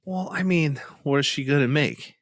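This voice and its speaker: A man's voice: a little high, moderate pace, background noise. A young man co-hosting a podcast, chatting casually about sports with teasing, joking banter. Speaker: podcast co-host.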